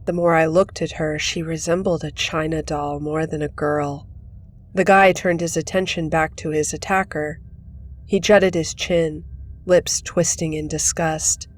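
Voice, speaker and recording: A woman reading a horror story aloud in measured, steady scripted narration. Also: sits low, soft background music.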